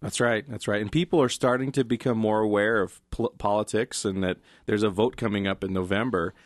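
Brief: earnest male guest with a low voice and a dry sound. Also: fairly even intonation, a little fast, no room sound. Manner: earnest, with filler ums. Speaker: campaign manager guest. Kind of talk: studio interview.

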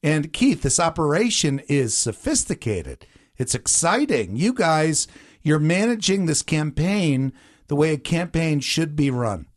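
A man's voice: on the high side, sing-song, a little slow, dry recording, studio quality. Upbeat male talk radio host. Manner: enthusiastic, opinionated.

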